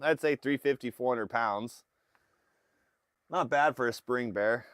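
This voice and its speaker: This is an Alaskan man hosting a phone livestream from a fishing boat, casually telling his chat a story and acting out family members' voices. His medium-pitched voice has a fairly bright tone and a measured pace, and there's no room sound.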